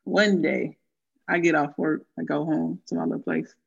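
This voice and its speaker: A woman's voice: low-pitched, normal speed, gravelly, husky. A woman telling a story in casual chat, swearing freely and laughing often. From American South. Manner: profane, animated, laughing often. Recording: dull lo-fi sound.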